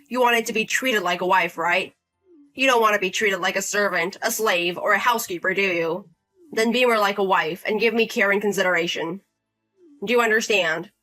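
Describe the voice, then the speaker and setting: A woman reading as a condescending, bossy man in his thirties, scolding as if he owns the place. The voice is bright and forward, with a demanding, talking-down manner. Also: medium pitch, close to an everyday voice.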